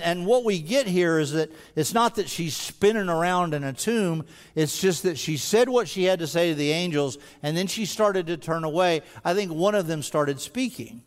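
A male senior pastor preaching in a slightly higher voice, conversational and full of stammered restarts. His questions grow intense and pressing. The sound carries a long reverb from a large church sanctuary. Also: measured pace. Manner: rises to intense rhetorical questioning. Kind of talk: sermon.

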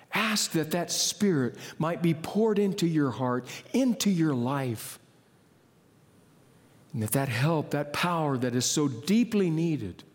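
A man preaching a sermon in an earnest, teaching tone, slowing down to stress key words. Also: on the high side, darkish tone. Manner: explains word meanings in a teaching tone. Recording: long reverb of a large hall.

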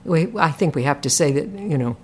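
A woman hosting a casual book discussion, speaking hesitantly with many pauses and fillers. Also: low-pitched, animated, breathy edge. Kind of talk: casual book club chat.

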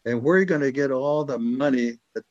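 A man's voice: mid-range voice, brisk, no echo, dull audio. An older American man speaking bluntly in a rambling interview, with many restarts and fillers. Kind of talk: casual talk.

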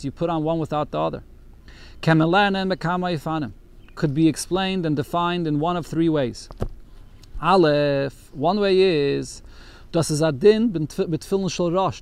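Man teaching a text lesson, somewhat high. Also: smooth. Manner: reads Yiddish text aloud, then explains it in English. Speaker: Torah teacher.

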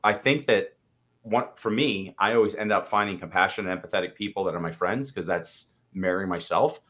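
A man's voice: low voice, brisk, fairly bright tone. A man co-hosting a podcast, speaking in a candid, reflective way that rambles and restarts. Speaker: podcast co-host. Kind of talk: casual conversation.

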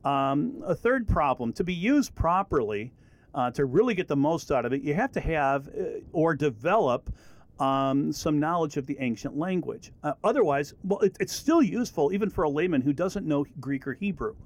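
A middle-aged man giving a relaxed, rambling Bible lesson with many fillers and restarts. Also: a little high, moderate pace. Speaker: Bible teacher. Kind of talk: casual recorded lesson.

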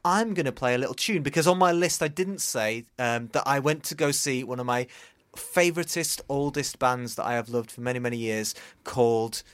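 A man co-hosts a chatty radio show, joking dryly and laughing often. His voice sits at an ordinary middle pitch. The sound is close and dry with no room in it. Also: a little fast, fairly bright tone, clear, resonant tone, no echo. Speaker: podcast co-host. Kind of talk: casual chat.

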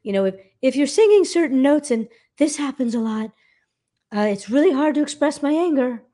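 Animated woman vocal coach. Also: sits high, brisk. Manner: animated, demonstrates by singing snippets. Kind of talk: casual interview talk.

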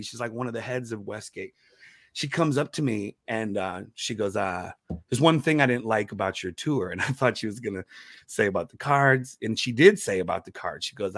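A man telling stories in a casual interview as a comedian guest, animated, laughing often and restarting his words. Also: medium pitch, no room sound, studio quality.

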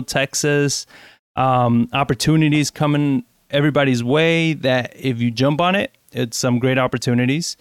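Relaxed man co-hosting a chat show. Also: mid-range voice, clean tone, no echo, studio quality. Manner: relaxed, rambling with fillers. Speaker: podcast co-host. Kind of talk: casual chat.

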